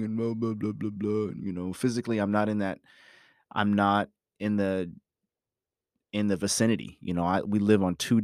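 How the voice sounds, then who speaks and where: In clean studio audio with no room sound, a man with a lowish voice talks about his family. He's a parent rambling through a personal story, swearing a lot, leaning hard on "you know" and pressing his points emphatically.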